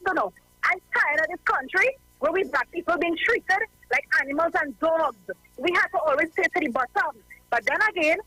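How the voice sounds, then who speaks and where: A Trinidadian woman calls in to a radio show, impassioned and fed up. Her voice is very high and bright, and the sound is dry and close. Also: no echo, poor audio. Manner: impassioned, fed-up, keeps asking "you understand?". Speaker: radio caller. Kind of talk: call-in radio talk.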